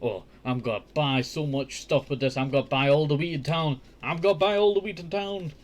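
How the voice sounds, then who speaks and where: A man's voice: on the high side, close to an everyday voice. A man putting on a giddy greedy mother. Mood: gleeful. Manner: quick, gushing. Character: giddy greedy mother counting her loot.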